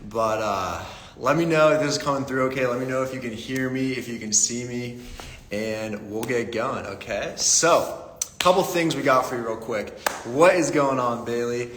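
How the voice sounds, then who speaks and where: A man's voice: medium pitch, moderate pace, a bit bright, slight background noise. A young man from Pittsburgh hosting a casual live-stream Q&A, upbeat and greeting viewers by name. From Pittsburgh, USA. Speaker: livestream Q&A host. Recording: echoey room with long reverb.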